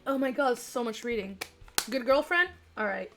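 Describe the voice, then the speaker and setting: A young woman streaming, reading a dating game aloud and chatting with viewers, excitable with squealing laughs. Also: fairly high pitch, moderate pace, soft background music.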